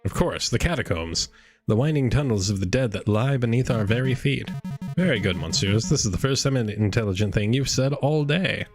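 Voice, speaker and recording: A man's voice: mid-range voice, lively intonation, a little fast, natural voice. A man doing a snooty librarian. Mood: lecturing. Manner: condescending, lecturing. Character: haughty male librarian, scornful and superior. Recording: game music behind.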